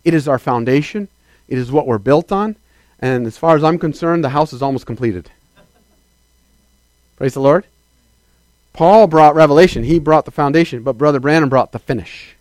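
A male pastor preaches a sermon emphatically in a fairly high voice at normal speed, pausing often, with no room sound. He swings between loud declarations and quiet asides and calls out to the congregation for affirmation.

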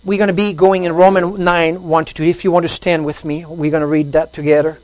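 A man's voice: level tone, brisk, dry recording, poor audio. Male preacher, dry sound. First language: French. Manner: impassioned preaching, rising to loud high emphasis. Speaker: pastor. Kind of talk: sermon. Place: church service.

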